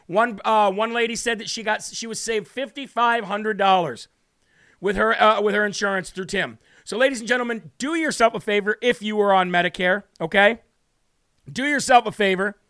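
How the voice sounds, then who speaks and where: A man hosting a talk show, ranting loudly and emphatically through political commentary with indignant outbursts. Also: high voice, clean tone.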